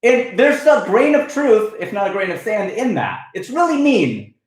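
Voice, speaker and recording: Man, comedian host, animated rant, slightly high voice, echoey room. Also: moderate pace. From United States, Ohio. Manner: animated, argumentative, reads and answers chat comments. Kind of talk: casual livestream rant.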